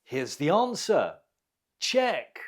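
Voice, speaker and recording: Male english teacher, very slow delivery, lively pitch, quiz host. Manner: slow, deliberate model pronunciation. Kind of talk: quiz lesson.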